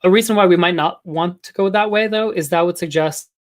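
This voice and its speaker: A man giving a measured, explanatory academic lecture, pausing often with ums and uhs. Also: high voice. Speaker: linguistics lecturer.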